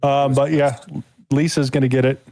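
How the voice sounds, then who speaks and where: A man's voice: medium pitch, little pitch movement, normal speed, warm tone, dry recording, low-quality recording. A man hosting a live podcast, talking politics in a rambling, casual way with lots of fillers. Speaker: podcast host.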